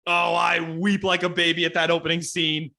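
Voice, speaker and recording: A man's voice: on the high side, little pitch movement, normal speed, gravelly, bright, forceful tone. A man co-hosting a podcast in casual chat, joking and laughing often. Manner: laughing, jokey, quotes others in put-on voices. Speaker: podcast co-host.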